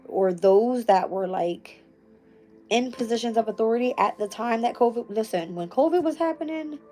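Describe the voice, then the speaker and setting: A woman hosting a casual tarot livestream late at night, talking bluntly and profanely in an animated storytelling way. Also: mid-range voice, rough recording. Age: adult with a daughter. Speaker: tarot reader and channel host.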